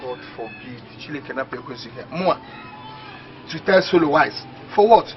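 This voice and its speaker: An actor with a Nigerian accent playing an excitable young village man who laughs and boasts about his plans. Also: medium pitch, moderate pace, faint music behind, close to an everyday voice. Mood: scheming. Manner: exclaiming, laughing often, animated. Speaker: actor in a comedy film. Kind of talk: Pidgin comedy film acting. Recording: dull lo-fi film audio.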